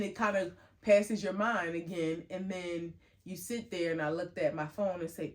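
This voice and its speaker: Animated woman podcast host, lowish voice. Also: moderate pace, few pauses. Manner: animated storyteller, acts out quotes in a higher voice. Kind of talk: casual chat.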